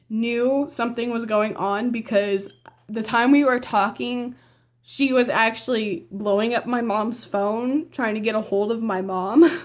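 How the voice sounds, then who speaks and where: A teenage girl telling a personal story to camera in a rambling, casual way, full of fillers and restarts. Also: a little high. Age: teens. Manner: chatty, rambling with fillers and self-corrections; acts out family members' lines in quotes. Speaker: vlogger.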